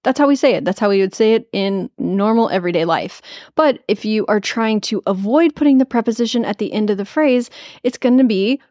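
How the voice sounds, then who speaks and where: A woman's voice: mid-range voice, a little mellow, no echo, clean studio sound. A woman hosting a podcast, giving a casual, upbeat spoken lesson on copywriting with playful asides. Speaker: podcast host teaching copywriting.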